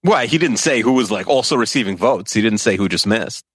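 A man's voice: fairly low pitch, lively intonation, fairly quick, husky, no room sound, studio quality. A man in his forties co-hosting a podcast, chatting casually and rambling with many hesitations. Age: 40s. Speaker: podcast co-host. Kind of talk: casual chat.

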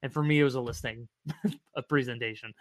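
A man co-hosting a casual podcast about real estate, animated and candid, acting out his past self and swearing freely. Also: medium pitch, a little fast, dry recording.

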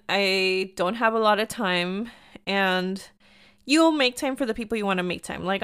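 A young woman telling a dating story in a chatty, animated way, acting out quoted lines. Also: mid-range voice, clean tone. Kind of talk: casual storytelling.

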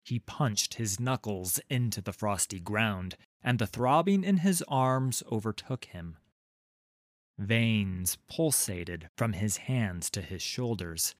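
A man reading a fantasy story aloud in a measured, deliberate way. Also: on the low side, lively intonation, dry recording, studio quality. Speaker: narrator. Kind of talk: scripted fantasy narration.

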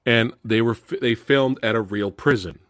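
A man's voice: mid-range voice, normal speed, dry recording. A man hosting a horror movie review podcast, chatting casually and telling stories with frequent laughter. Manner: chatty, animated storyteller who laughs often. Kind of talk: casual chat.

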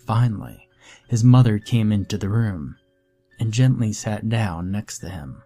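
A man narrating a horror story in a slow, unhurried delivery. His voice is dark and mellow, and faint music plays underneath. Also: fairly low pitch. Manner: slow, grave, measured.

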